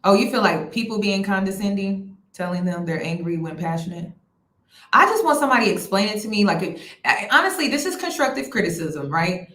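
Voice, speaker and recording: A woman hosting a casual livestream commentary, animated and expressive, sometimes blunt, talking straight to her chat. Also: medium pitch, brisk. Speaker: host of a commentary channel. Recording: roomy echo.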